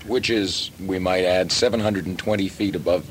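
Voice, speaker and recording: A man co-hosting a radio show, telling his part of a story in a dry, halting way. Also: low voice, fairly even intonation, a little hiss or hum. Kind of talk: loose studio chat.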